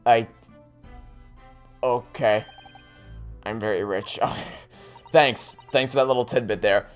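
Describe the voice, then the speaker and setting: A man commentating on a game he is playing for the first time, animated and sarcastic. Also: mid-range voice, slow, clear, resonant tone, soft background music. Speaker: let's play host. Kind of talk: gameplay commentary.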